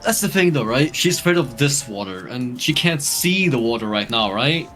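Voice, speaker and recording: A man in a tabletop game session tosses out jokes and curses in loose table talk. His voice sits at an ordinary pitch, and faint music plays in the background. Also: lively intonation, moderate pace, a bit bright. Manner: joking, swears often. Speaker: player. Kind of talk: casual tabletop game chat.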